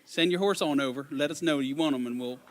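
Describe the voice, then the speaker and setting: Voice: medium pitch, fast, noisy background. A co-host trading folksy, teasing banter during a church raffle. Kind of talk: playful banter.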